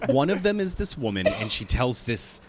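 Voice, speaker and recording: A man co-hosting a casual podcast chat, animated and laughing often. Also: medium pitch, normal speed, crowd noise. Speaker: podcast co-host.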